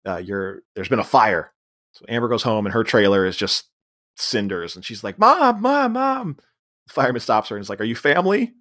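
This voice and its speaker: A man's voice: lowish voice, fairly bright tone. Man casually recapping a movie. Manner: recounts plot, acting out lines in quick voices. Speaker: podcast co-host.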